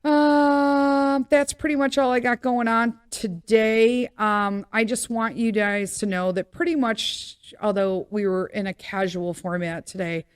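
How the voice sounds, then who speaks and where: A woman's voice: on the high side, fairly even intonation, unhurried, few pauses, clean tone, no room sound, studio quality. A middle-aged woman hosting a podcast, telling a casual story with many fillers and acting out the voices she quotes. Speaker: podcast host.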